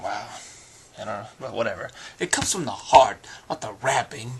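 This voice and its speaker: Excitable young man vlogging, lively pitch. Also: moderate pace, husky. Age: young adult. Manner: excitable, chatty, jumps into squeals. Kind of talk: casual daily video blog. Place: at home, in a car and outdoors on campus.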